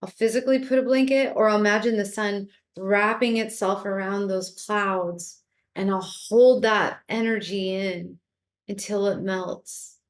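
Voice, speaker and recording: Calm woman guiding a meditation. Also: mid-range voice, measured pace. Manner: calm, repetitive, gently coaxing. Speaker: spiritual teacher. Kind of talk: guided meditation talk.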